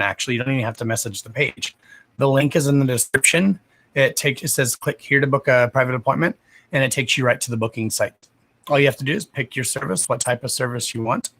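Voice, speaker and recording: A man's voice: medium pitch, vocal fry, a bit bright. A young man hosting a psychic reading livestream, chatting casually with viewers by name, swearing freely and laughing often.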